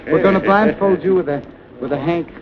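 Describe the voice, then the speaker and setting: An actor playing a fussy, excitable man who commands a comic firing squad, flustered and giggly, with wild swings in pitch, in a 1920s film comedy sketch on a muffled 1929 soundtrack. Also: fairly quick, a crowd in the background, close to an everyday voice. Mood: fussing.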